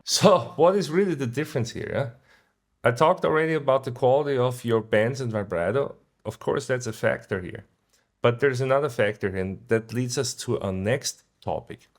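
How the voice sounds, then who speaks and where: A man teaching guitar in a casual video lesson, relaxed and often ending points with a questioning "yeah?". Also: medium pitch, moderate pace. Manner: sings short phrases to illustrate ideas.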